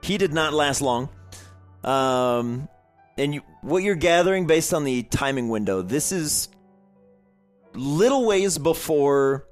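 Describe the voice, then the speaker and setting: A man's voice: fairly high pitch, slow pace. Young guy running a tabletop game, easygoing, lots of ums, faint music behind. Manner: relaxed, filler-heavy storytelling. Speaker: game master.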